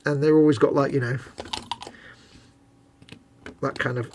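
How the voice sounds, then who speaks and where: A man's voice: medium pitch, steady tone, unhurried, darkish tone. A man co-hosting a live hobby stream, chatting casually and joking while he puts together a model kit. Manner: jokey, rambling, mocking banter. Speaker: co-host of a model-building stream.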